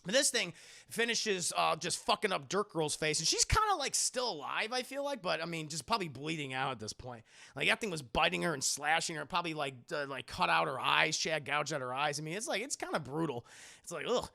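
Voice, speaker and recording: Gravelly, profane streamer recapping a film. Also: male voice, fairly high pitch, expressive, a little fast, pushed and bright. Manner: rambling, profane, laughing, acting out scenes. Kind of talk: casual spoiler review to live chat.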